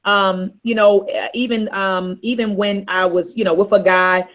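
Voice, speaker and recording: A woman's voice: medium pitch, steady tone, a little slow. Earnest middle-aged woman sharing candidly. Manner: candid, earnest, softly emotional. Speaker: panel host. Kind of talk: personal storytelling in panel chat.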